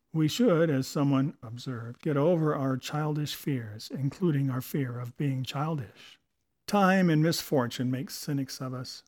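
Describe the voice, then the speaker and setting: A man's voice: medium pitch, darkish tone. Man, devotional reader, storytelling delivery, faint background music. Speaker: podcast host and reader. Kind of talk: reading a devotional essay aloud.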